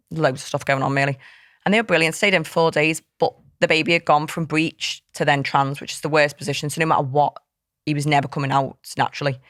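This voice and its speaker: Fast-talking woman telling her story. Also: deep voice, a bit bright, no room sound, clean studio sound. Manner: heartfelt, tumbling recollection full of quoted speech. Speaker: podcast guest. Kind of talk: candid personal storytelling in an interview.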